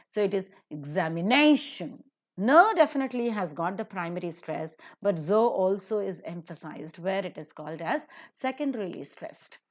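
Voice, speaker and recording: A woman, teaching word stress in a careful recorded lecture, saying example words with loud stress. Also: mid-range voice. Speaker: English teacher.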